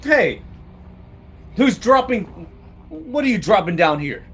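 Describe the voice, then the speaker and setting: Male DM doing a snappy, put-upon man trapped down a hole, raised pitch, tabletop game. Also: sing-song, takes it slowly, full character voice. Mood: indignant. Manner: indignant, snapping questions. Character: rude, irritable man stuck in a deep hole.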